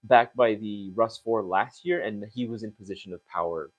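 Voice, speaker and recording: A young man in casual chat, telling animated stories with lots of fillers and restarts. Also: lowish voice, highs cut off. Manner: fast, animated storytelling with many fillers. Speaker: co-host of a store talk show.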